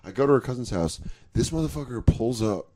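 A man's voice: mid-range voice, lively intonation, fairly quick, darkish tone. A man in his thirties, a comedian casually telling stories, acting out both sides and swearing freely. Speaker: comedian podcast host. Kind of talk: casual storytelling chat.

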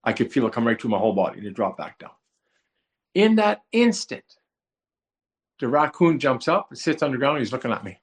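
A man telling an emotional personal testimony in a plain-spoken way, acting out his own prayers aloud and swinging between low murmurs and high excited outbursts. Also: racing, few pauses. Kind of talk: emotional storytelling.

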